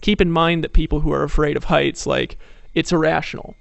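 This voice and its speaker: Male presenter, fairly high gravelly voice, persuasive motivational pitch, dry sound. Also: steady tone, a little fast, no room sound. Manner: persuasive storytelling, rhetorical questions. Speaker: network marketing presenter. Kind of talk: motivational sales talk.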